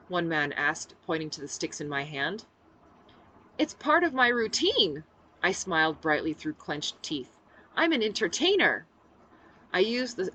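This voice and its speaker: A woman's voice: sits low, fairly bright tone, a little hiss or hum, rough recording. A woman reading her own novel aloud in the first person, voicing the dialogue expressively. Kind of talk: audiobook-style first-person narration.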